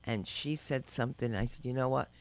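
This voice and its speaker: A woman's voice: very deep voice, a little fast. An older woman doing open-mic stand-up, telling brash, rambling stories and acting out quotes. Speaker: stand-up comedian. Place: comedy club stage.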